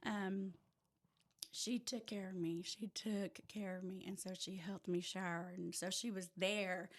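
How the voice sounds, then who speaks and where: Animated Oklahoma woman telling her story. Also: medium pitch, a little slow. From rural Oklahoma. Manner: animated storyteller who drops to a hush at tense moments. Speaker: guest. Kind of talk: candid personal testimony in casual chat. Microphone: audio-only podcast mic.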